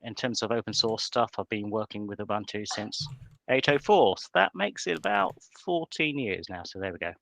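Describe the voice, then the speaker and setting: A man, a project team lead, introducing himself on a video call in a halting way full of "um"s. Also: lowish voice, expressive, gravelly, fairly bright tone, poor audio. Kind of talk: casual self-introduction.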